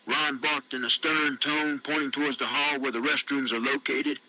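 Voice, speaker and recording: A synthetic male voice from an AI chatbot reading story narration in an even, flat way. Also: mid-range voice, moderate pace, few pauses, rough recording.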